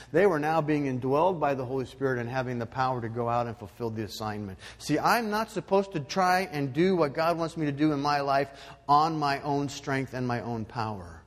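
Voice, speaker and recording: A man preaching a sermon as pastor, animated and emphatic, with loud rising peaks. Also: fairly high pitch, long reverb tail.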